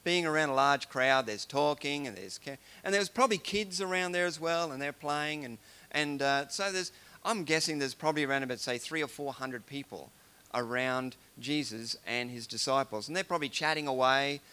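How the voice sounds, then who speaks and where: A man's voice: medium pitch, normal speed, sharp tone, clean tone. A man giving an informal devotional talk, musing aloud and retelling scripture in everyday words. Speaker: preacher.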